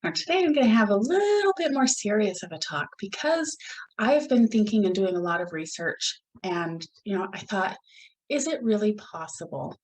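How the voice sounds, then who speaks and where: A woman hosting her own podcast, talking in an earnest, reflective way with pauses and restarts. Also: mid-range voice, expressive, poor audio. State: gets emotional at moments. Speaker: podcast host. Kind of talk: solo podcast talk.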